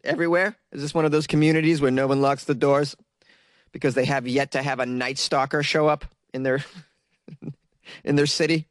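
A man's voice: a little high, fairly even intonation, moderate pace, no room sound. A young man hosting a comedy show, stoned and giggly, riffing sarcastically on odd news stories. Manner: laid-back, giggly, sarcastic.

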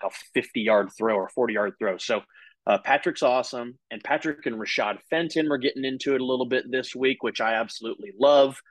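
A man's voice: medium pitch, no room sound, low-quality recording. A man co-hosting a casual sports podcast, talking in a loose, rambling way full of "like" and "uh" and swearing freely. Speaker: podcast co-host.

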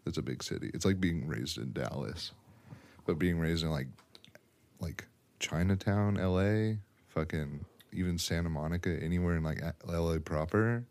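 A man's voice: low voice, moderate pace, darkish tone. A young man co-hosting a podcast in casual, blunt, profane chat. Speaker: podcast co-host.

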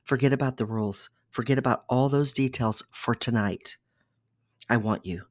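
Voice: mid-range voice, normal speed, no room sound, studio quality, lightly acted. A reader voicing an intense, controlling young man. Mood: persuasive.

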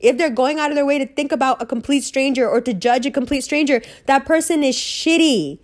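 A woman's voice: high voice, a little fast. A woman with a New York accent giving blunt, profane life advice in a monologue, acting out bits of dialogue. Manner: brash, profane, animated, acts out dialogue.

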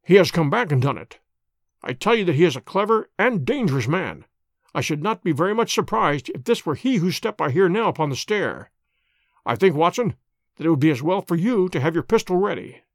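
Crisp bossy detective, a man reading him, lively voice, dry close sound. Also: on the high side, fairly quick, no echo. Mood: commanding. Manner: crisp, decisive. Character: sharp, commanding male detective.

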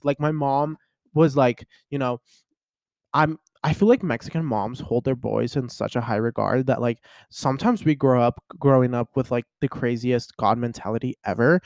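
Young man, vlogger, casual chat, animated storyteller, medium pitch, dry close recording. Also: moderate pace, dry recording. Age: young adult. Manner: chatty, animated storytelling with many fillers.

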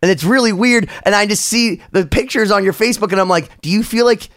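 A man's voice: high-pitched, fairly quick, a bit bright, no room sound, clean studio sound. A man co-hosting a podcast, rambling and joking through a casual chat with some swearing. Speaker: co-host.

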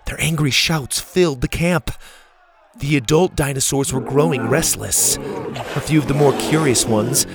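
A man with a husky voice and vocal fry narrates a children's adventure story. His reading is lively, jumping loud and high for the characters' shouts.

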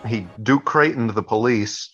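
A man's voice: medium pitch, a little slow, fairly bright tone, dull audio. A man wisecracking and laughing while commenting on a horror film. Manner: dry wisecracks, frequent laughter. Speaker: co-host reacting to a film. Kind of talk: casual movie commentary.

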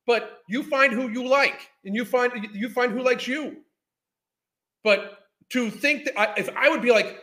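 A man's voice: very high-pitched, a little slow, sharp tone. A man, ranting in a heated, profane, scornful way as a podcast host. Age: 50s. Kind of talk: ranting commentary.

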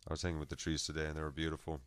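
A man's voice: very deep voice, completely flat delivery, racing, clean tone, dry recording. A man co-hosting a podcast, musing at length in a casual philosophical discussion and sometimes trailing off mid-thought. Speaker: podcast co-host.

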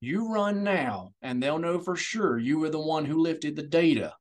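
A man voicing a tense male rebel contact who speaks low and quiet, holding back his anger. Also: animated, moderate pace, lightly acted.

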